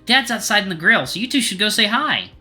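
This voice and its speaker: A man voicing a cheerful, excitable middle-aged mother in a visual novel read-aloud, talking in a gushing, sing-songy way. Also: high-pitched, fairly quick, faint music behind, voice pushed up, exaggerated voice.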